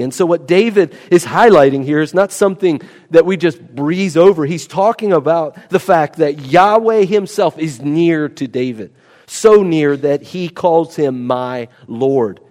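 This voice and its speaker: Emphatic preacher in a reverberant hall. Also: male voice, on the high side, darkish tone. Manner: emphatic, teaching, repeats key words. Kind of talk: expository sermon.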